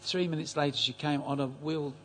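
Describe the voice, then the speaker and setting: An older man telling a story in a group class, halting and repeating words as he speaks. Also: fairly high pitch, fairly even intonation, crowd noise. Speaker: class attendee.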